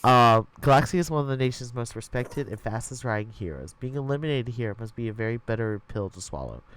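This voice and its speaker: A man's voice: medium pitch, expressive, a little fast, a bit bright, smooth. A man reading an interactive story aloud on a livestream, casual with restarts.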